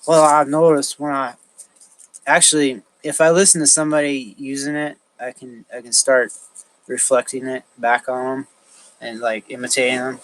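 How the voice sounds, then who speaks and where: A man talking alone on a livestream, thinking aloud in a halting way with frequent restarts and fillers. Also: mid-range voice, level tone, poor audio. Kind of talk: rambling solo livestream talk.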